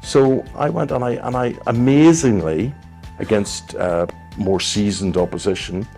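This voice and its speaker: A man, telling lively anecdotes as an interview guest. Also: fairly low pitch, a little slow, faint music behind. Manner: animated storyteller, acts out voices in his anecdotes.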